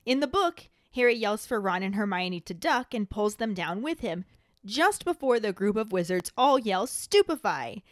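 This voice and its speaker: A woman's voice: medium pitch, lively intonation, moderate pace, dry recording, studio quality. A woman co-hosting a podcast, comparing a book with its film in a playful, punning way. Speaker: podcast co-host.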